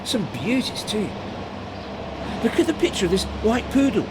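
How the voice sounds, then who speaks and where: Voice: mid-range voice, very animated, normal speed, pitched above the performer's own voice, lightly acted. A storyteller voicing a cheerful, confident older schoolboy who chats jollily. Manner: jolly, chatty. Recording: hissy home recording.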